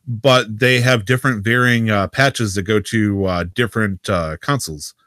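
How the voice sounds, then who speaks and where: A man co-hosting a casual gaming podcast, joking around with drawn-out uhs and a voice that jumps up when he kids. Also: on the low side, fairly bright tone, dry recording, clean studio sound. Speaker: podcast co-host.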